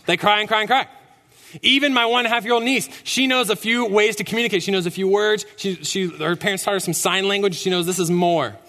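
A young man preaching a sermon in a church, emphatic and conversational, often asking "right?". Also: high-pitched. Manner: animated, emphatic, rhetorical "right?". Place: church sanctuary. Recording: long church reverb.

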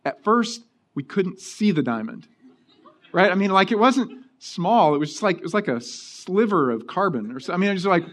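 A middle-aged man preaching a sermon, telling personal stories in a lively way. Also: high voice, brisk. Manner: storytelling, animated, acting out quoted voices. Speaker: pastor.

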